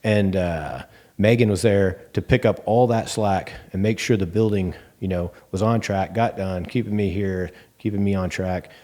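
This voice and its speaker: A man's voice: sits low, moderate pace. A man with a Texan accent, a bank CEO guest telling stories in a casual interview and acting out the dialogue with plenty of fillers. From Texas Panhandle. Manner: animated, acts out quoted dialogue with many fillers.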